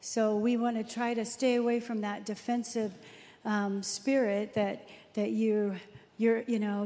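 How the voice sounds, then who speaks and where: A woman's voice: medium pitch, little pitch movement, dark tone, big-room sound. A woman in her fifties co-hosting a faith-based talk, chatty and storytelling. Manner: chatty, storytelling, quick to laugh. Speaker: co-host.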